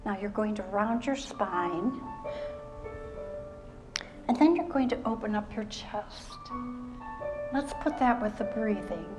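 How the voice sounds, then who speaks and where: Slow, encouraging woman leading an exercise routine. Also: mid-range voice. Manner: encouraging, gives short calm step-by-step cues. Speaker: fitness instructor. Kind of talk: guiding a seated exercise routine on a live stage show. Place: stage at a live library show. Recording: music playing under the voice. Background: background music.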